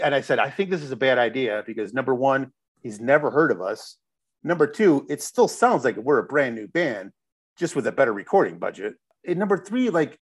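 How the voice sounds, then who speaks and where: A middle-aged man from Chicago, a musician guest telling a long story in a loose, rambling way, restarting his sentences and swearing now and then. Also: mid-range voice. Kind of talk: casual storytelling interview.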